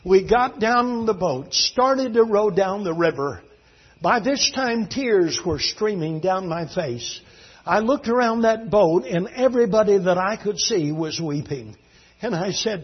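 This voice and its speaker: A man preaching a sermon as a fervent, dramatic storyteller whose voice swings between hushed and loud. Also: sits high, animated, unhurried, husky. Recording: dull lo-fi recording.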